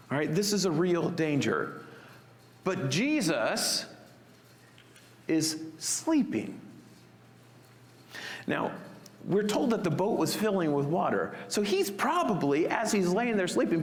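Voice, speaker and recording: Slow, lively-pitched preacher in a reverberant hall. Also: male voice. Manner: expressive preaching, acts out the disciples' panicked cries. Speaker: pastor. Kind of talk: sermon.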